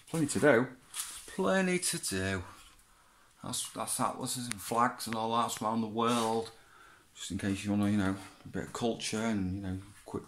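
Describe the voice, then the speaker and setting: A man's voice: lowish voice, slight background noise. A man chatting casually, rambling as he goes through boxes of his child's old belongings, swearing and laughing as he talks. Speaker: vlogger. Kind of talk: casual chat, talking to an absent child.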